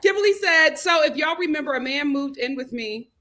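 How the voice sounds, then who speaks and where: A woman hosts a casual livestream from home, reading viewer comments aloud in a chatty, animated way. Her voice sits high and sounds bright and forceful. She laughs easily between remarks. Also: brisk. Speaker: livestream host.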